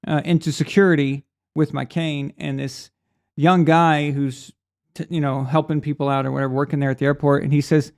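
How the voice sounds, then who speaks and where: A man's voice: fairly high pitch, flat delivery, fairly quick, gravelly. A middle-aged man hosting a live sports stream, chatting casually and telling rambling stories, acting out voices when he quotes people. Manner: casual, rambling storyteller with restarts; acts out voices in quoted speech. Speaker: sports show host. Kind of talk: live stream chat reading super chats.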